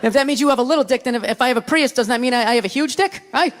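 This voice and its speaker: A man doing a loud, profane stand-up routine on a comedy stage. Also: very high voice, very fast, long reverb tail, background noise. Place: comedy stage with a live audience.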